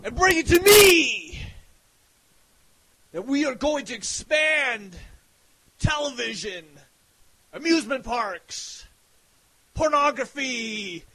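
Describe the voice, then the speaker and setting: High-pitched guy yelling and cursing through a hype rant, slow and drawn out, bright edgy tone. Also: animated, no room sound, low-quality recording. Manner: loud, profane, boastful, often shouting. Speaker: website owner.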